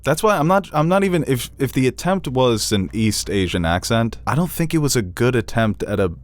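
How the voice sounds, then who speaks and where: A man co-hosting a podcast in casual chat, animated and quick to laugh and joke. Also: medium pitch. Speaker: podcast co-host.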